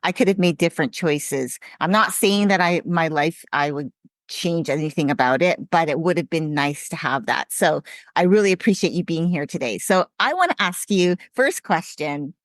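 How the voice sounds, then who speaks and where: A woman's voice: deep voice, animated, moderate pace, no room sound. A woman hosting a podcast interview, talking earnestly and reflectively, openly emotional. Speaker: podcast host. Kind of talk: interview conversation.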